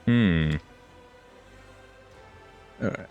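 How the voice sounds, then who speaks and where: A man with a notably low voice talks through a game stream, muttering to himself and swearing casually. He reacts in short hums while he reads, and faint music plays underneath. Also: extremely slow, darkish tone, dull audio. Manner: muttering, swearing, thinking aloud. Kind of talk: casual gameplay commentary.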